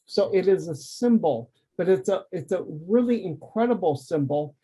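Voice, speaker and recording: A man who teaches anatomy for artists, talking through a drawing demonstration on a video call, lively and emphatic. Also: sits high, moderate pace, breathy edge. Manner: animated, conversational, emphatic teaching. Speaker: anatomy art professor.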